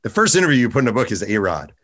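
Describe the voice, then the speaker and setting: A man hosting a casual interview, asking lively questions and reading passages aloud from a book. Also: medium pitch, very fast. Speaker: podcast host.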